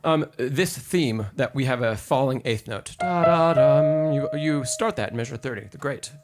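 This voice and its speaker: A man teaches piano on a live stream, offering encouraging feedback and singing short phrases to show how they should sound, with piano music in the background. His voice is mid-range and his pace normal.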